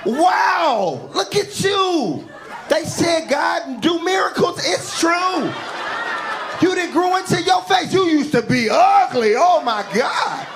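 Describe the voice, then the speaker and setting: A man voicing an excitable, tactless young woman who gushes in a shrill shout, performed on a live stage with a crowd audible. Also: takes it slowly, exaggerated voice. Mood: gushing. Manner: shrieking, tactless gushing. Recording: live club crowd and noise.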